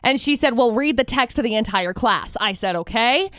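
A woman's voice: on the high side, moderate pace, no echo, clean studio sound. A young woman co-hosting a radio show, telling stories in casual banter and acting out the voices of the people in them. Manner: animated storyteller, acts out quoted voices.

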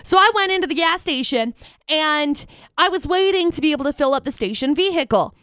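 A woman co-hosting a radio show, telling animated stories and laughing often. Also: high-pitched, brisk, no room sound, clean studio sound. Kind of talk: casual radio banter and anecdote. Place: radio studio.

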